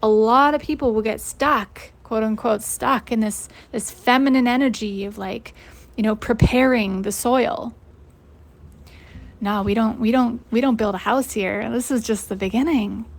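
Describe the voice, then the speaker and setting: A young woman gives a motivational coaching lesson in a relaxed, high-energy way. She talks casually, swears freely and breaks into laughter, with a fairly high voice. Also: unhurried, creaky. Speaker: host and life coach.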